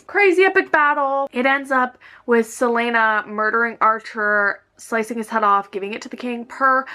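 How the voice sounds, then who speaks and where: Bright, excitable woman book vlogger. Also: on the high side. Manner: excitable, gushing, bursts of quick talk. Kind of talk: casual reading vlog.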